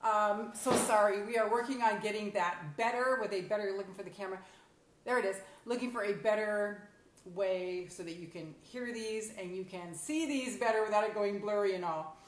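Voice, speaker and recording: A woman's voice: medium pitch, normal speed, slight background noise. Chatty woman live streaming on a phone. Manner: chatty, bubbly, laughs often. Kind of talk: casual live stream talk. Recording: echoey room on phone mic.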